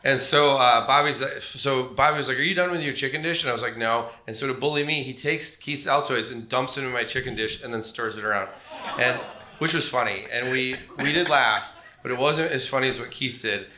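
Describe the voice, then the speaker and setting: A man's voice: medium pitch, fairly quick, roomy sound. A man telling a long, rambling comedy story in casual chat, laughing often and acting out other people's lines. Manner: rambling, animated, laughing often, acts out quoted voices.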